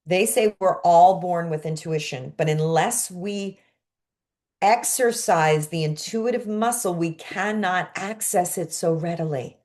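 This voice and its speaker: A middle-aged woman with a Brooklyn accent teaching an online class, energetic and expressive, sometimes dropping to a hush for emphasis. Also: lowish voice, a little slow. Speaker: creativity coach.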